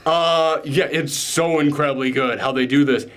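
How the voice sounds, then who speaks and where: A man casually recapping a film scene by scene, rambling with enthusiasm and acting out bits in quick voices. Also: fairly high pitch, steady tone, fairly bright tone. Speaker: podcast host. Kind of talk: casual movie reaction chat.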